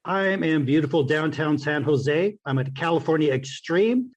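A man's voice: a little high, animated, moderate pace, soft background music. A married man chatting casually on a podcast, telling anecdotes. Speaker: podcast co-host. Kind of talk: casual chat.

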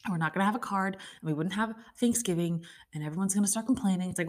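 A woman's voice: mid-range voice, quick pace, fairly bright tone. A woman in her thirties hosting a casual talk show, ranting sarcastically and filling her talk with "like". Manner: chatty, sarcastic ranting with many likes. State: upset stomach. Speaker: podcast host. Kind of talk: casual chat.

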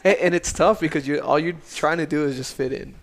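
A man's voice: a little high, a little fast. A man hosting a podcast in casual chat, laid-back, laughing often and swearing freely. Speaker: podcast host.

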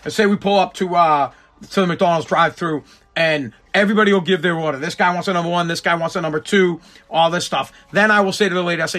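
A man's voice: sits high, fast talker, pushed and bright. A man hosting a casual podcast, ranting emphatically with lots of repetition. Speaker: podcast host.

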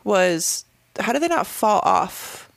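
A woman with a mid-pitched, gravelly voice hosts a casual podcast chat, recorded close and dry. She laughs easily and often loses her thread, starting her sentences over. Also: sing-song, takes it slowly, no echo. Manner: giggly, trailing off and restarting. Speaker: podcast host.

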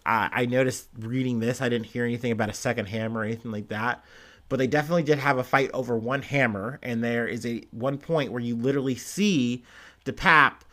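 A man's voice: mid-range voice, a bit bright. Rambling profane male commentator. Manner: loose, profane, rambling with many fillers. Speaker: commentary host. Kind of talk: casual news commentary.

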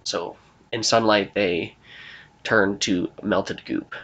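A young man serves as game master for a tabletop game and hosts the podcast, rambling in a relaxed way packed with fillers. His voice sits lowish, moves slowly, and carries a breathy edge.

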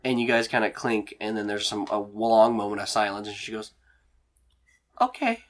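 A man's voice: fairly low pitch, level tone, a little fast. A man narrating a tabletop role-playing game as game master, rambling with many fillers and frequent laughs.

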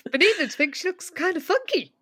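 A woman's voice: very high voice, very animated, fairly bright tone, no room sound. A woman co-hosting a podcast, recapping a book in casual chat with wry asides and laughter. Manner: wry, laughing, recounts scenes with quick quoted asides. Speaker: podcast co-host.

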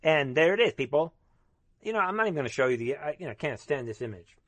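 A man with a somewhat high voice rants in a fervent monologue, rambling and calling out to his listeners again and again. His delivery is urgent and emphatic. The sound is dry, with no room echo. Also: very animated, fast talker, a bit bright. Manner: fervent, rambling, repeatedly addressing the audience. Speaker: commentator. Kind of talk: ranting political monologue.

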